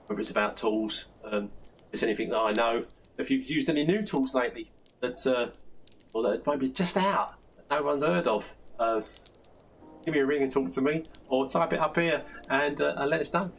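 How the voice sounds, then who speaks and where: Chatty older man, gravelly voice. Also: medium pitch, normal speed. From South London. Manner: chatty, laughs often, many restarts. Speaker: live stream host answering plastering questions. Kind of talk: casual live stream chat. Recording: slightly distant mic with faint background noise.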